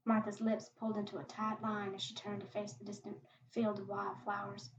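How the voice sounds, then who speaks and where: A woman podcast host reading a short story aloud in a steady, quiet narrating voice. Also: mid-range voice, a little fast. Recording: echoey, distant, muffled home recording.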